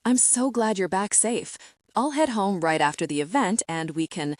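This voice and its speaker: A woman's voice: medium pitch, lively intonation, normal speed, dry recording, studio quality, close to an everyday voice. A woman voicing a headstrong young woman in an audiobook, apologetic at first and later firm.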